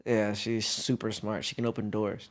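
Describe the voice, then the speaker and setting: A man's voice: lowish voice, flat delivery, normal speed. A young man from the United States, a guest athlete in a casual chat, telling stories in a laid-back, slang-heavy way with easy laughs.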